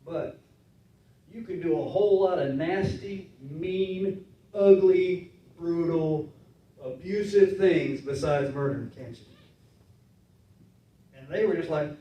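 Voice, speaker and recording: A man preaching a sermon in a relaxed, conversational way, acting out the voices of his listeners. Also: a little high, slow pace, pauses often. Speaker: pastor. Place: church sanctuary. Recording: roomy church sound from a distance.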